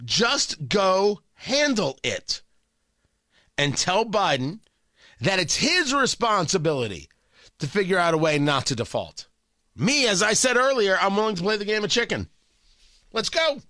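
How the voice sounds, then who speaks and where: Animated, high-voiced talk radio man. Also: unhurried, dry recording, studio quality. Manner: animated, sarcastic, jokey. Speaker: radio talk show host. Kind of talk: opinionated talk radio banter. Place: radio studio.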